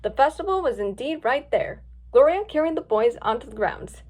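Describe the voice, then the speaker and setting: Brief: woman, storybook narrator, high-pitched and very animated. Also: normal speed. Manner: lively, expressive reading. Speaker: story reader. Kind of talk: storybook read-aloud.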